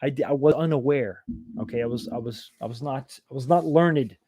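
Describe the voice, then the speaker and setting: A man's voice: medium pitch, brisk, warm tone, breathy edge, no echo, clean studio sound. A middle-aged man from East Texas, rambling casually as he reads viewer comments on a live stream, with self-deprecating asides. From East Texas, USA. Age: 40s or 50s.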